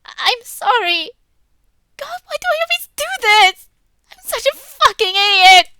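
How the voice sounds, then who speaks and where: A tearful, fiery teenage girl cries out in a high, strained voice, as a woman puts her on. The pitch sits well above the reader's own, bright and sharp, dry and close-miked. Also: big pitch swings, measured pace, no room sound, full character voice. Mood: distraught. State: crying. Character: upset teenage girl, fiery, self-blaming. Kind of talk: visual novel read-aloud.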